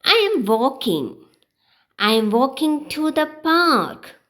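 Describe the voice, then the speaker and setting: An English teacher with a high, lively voice reads simple example sentences for beginners. She delivers the drills slowly, clearly, and in a sing-song way.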